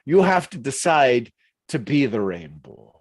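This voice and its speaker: A man from the United States, hosting a motivational livestream and speaking in an animated, emphatic way with frequent chuckles. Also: mid-range voice, unhurried, no room sound. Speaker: host.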